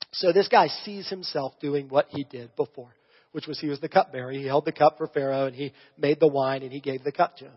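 A man's voice: fairly high pitch, fairly even intonation, fairly quick, slightly rough. A male preacher teaching through scripture in a casual, conversational sermon, often checking in with the audience. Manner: conversational, asks the audience "right?". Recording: long reverb, dull lo-fi sound.

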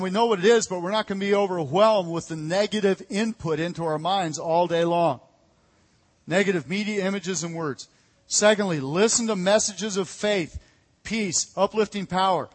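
A man preaching a sermon as pastor, energetic and conversational, calling out to his congregation. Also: sits high. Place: church hall. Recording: echoey hall.

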